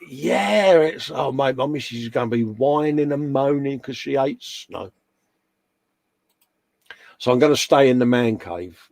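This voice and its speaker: A man's voice: medium pitch, lively intonation, unhurried, gravelly, pauses often, darkish tone. A middle-aged English man co-hosting a casual live chat, jokey and full of friendly slang, calling everyone mate. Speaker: co-host.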